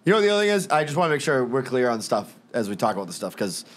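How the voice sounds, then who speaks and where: A man's voice: medium pitch, very animated, rapid-fire. A man hosting a podcast, talking casually and enthusiastically with plenty of swearing, including loose sponsor plugs. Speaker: podcast host. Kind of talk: casual chat.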